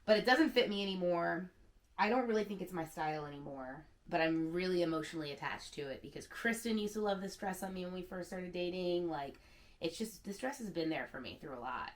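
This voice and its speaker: A woman's voice: on the low side, expressive, fairly quick. A woman in her thirties, a secondhand stylist, talking candidly and casually through her closet clean-out in a home vlog. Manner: candid, chatty, sprinkled with "like".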